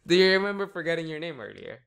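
Man, hypnotist, slow soft induction patter, casual laughing chat. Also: fairly high pitch, very animated, creaky, smooth. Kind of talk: hypnosis session.

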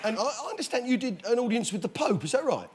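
A man's voice: very high-pitched, sing-song, quick pace. A man hosting a comic interview in character, brash and teasing in blokey pub-landlord banter, before a studio audience. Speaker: comedy show host. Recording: studio audience laughter and noise.

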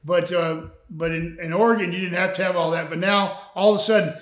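An older man, a retired wrestler and former booker, tells old road stories in an interview, folksy and full of laughs and fillers. His voice sits high and fairly bright, with a steady tone and fairly quick pace, and the room sounds echoey.

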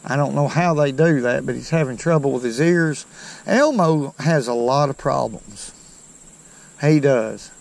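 A man's voice: medium pitch, measured pace, gravelly, darkish tone. A man hosting a fishing video outdoors by a creek, talking to viewers in a folksy, exclaiming way. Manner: folksy, exclaiming over each catch. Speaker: fishing channel host. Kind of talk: casual outdoor narration to viewers.

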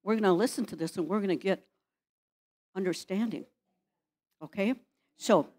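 A woman's voice: medium pitch, normal speed, pauses often, a little mellow. A woman pastor preaching in a church, firing rhetorical questions at the congregation. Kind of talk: sermon.

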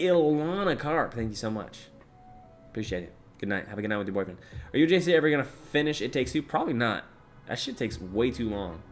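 Jokey young man streaming with faint music. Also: lowish voice. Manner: jokey, repeats a catchphrase, swings from mumbling to loud bursts. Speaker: streamer reading chat. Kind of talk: casual live-stream chat.

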